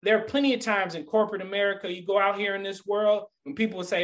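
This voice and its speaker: A middle-aged man speaking as a podcast guest, sitting a little higher in pitch than most men. He tells stories with animation and lands his points in an earnest, motivational way. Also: fast talker, hardly any pauses, rough recording. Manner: animated storyteller. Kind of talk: casual podcast chat.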